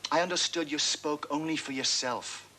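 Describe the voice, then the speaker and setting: A man's voice: on the high side, moderate pace, bright, forceful tone, a little hiss or hum. An actor playing an earnest man, an anxious fan who rambles and second-guesses himself, in a 1980s broadcast drama. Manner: musing, self-doubting, talking himself in and out of ideas. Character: earnest adult male fan rehearsing a speech, anxious and rambling.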